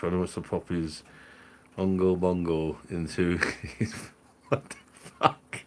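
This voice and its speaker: A man's voice: deep voice, flat delivery, slow, background noise. A man hosting a live stream, chatting casually with viewers in jokey banter and laughing often.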